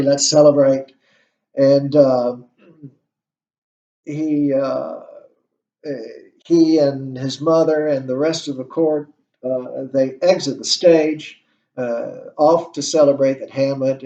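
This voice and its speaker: A male instructor lecturing on a play, talking haltingly with many fillers and restarts. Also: medium pitch, steady tone, mellow. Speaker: literature instructor. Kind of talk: classroom lecture. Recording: echoey room, distant mic, dull sound.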